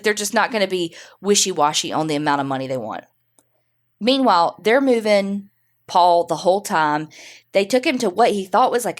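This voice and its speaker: A woman co-hosting a podcast, telling a true-crime story casually, chatty and swearing freely. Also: on the low side. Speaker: podcast co-host.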